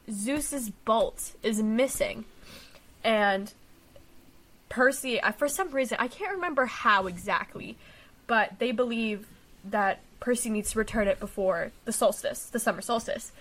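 A chatty woman with a slightly high voice talks through a book with a friend. She recaps the plot in loose, rambling sentences and laughs easily. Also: a bit bright. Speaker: book discussion co-host. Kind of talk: casual book chat.

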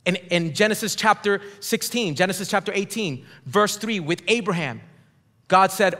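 A male pastor preaching a sermon, emphatic, swinging between shouts and hushed drops, and leading the congregation in call-and-response. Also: high-pitched, normal speed. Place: church sanctuary. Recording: long hall reverb.

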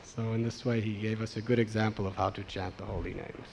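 A man giving a devotional storytelling sermon, animated and acting out the voices of the people in his tale. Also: lowish voice, quick pace, creaky, background noise. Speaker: spiritual teacher.

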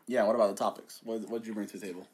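A young man co-hosting a casual podcast, loud and joking, swearing and quick to laugh, recorded on a phone. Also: lowish voice, steady tone. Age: young adult. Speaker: podcast co-host. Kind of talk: casual chat.

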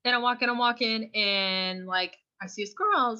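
A woman's voice: on the high side, steady tone, brisk, pushed and bright. Young woman storyteller, dull lo-fi sound. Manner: chatty storyteller, acts out quotes with squeals. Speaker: podcast co-host. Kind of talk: casual podcast chat.

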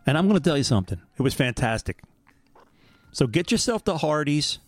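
A man casually reviewing food in a home vlog, enthusiastic and animated. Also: on the high side, brisk, dry recording, faint music behind. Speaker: vlogger. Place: bedroom at home.

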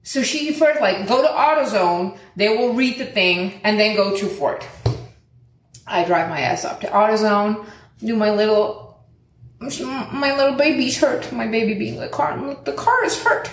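A woman's voice: mid-range voice, normal speed, reverberant, a little hiss or hum. A woman telling a story to her followers in casual, profane talk and acting out what other people said. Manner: profane, animated, acts out other people's lines. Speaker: vlogger.

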